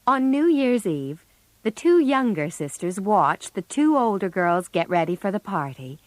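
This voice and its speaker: A woman narrating a story for English learners, slowly and with clear enunciation. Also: medium pitch, very animated, no echo.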